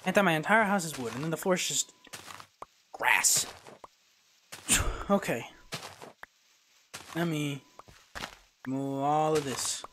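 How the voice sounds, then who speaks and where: A man giving casual let's-play commentary as a streamer, reacting loudly to the game at a home streaming mic. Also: on the high side, slow pace, long pauses, a little hiss or hum. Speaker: gaming streamer.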